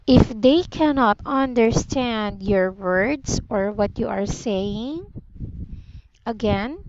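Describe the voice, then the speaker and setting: A woman with a Filipino accent tutoring English on a video call, speaking slowly and patiently and often praising the student. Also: on the high side, darkish tone. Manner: slow, patient, encouraging, repeats "very good". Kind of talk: one-on-one online lesson. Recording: slightly muffled lo-fi audio with faint noise.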